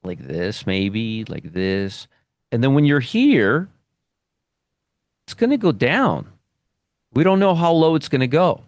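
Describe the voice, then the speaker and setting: A man's voice: mid-range voice, big pitch swings, slow, long pauses, a little mellow, no echo. A man teaching a trading lesson at a whiteboard, emphatic, repeating phrases and checking in with "okay?". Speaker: trading educator.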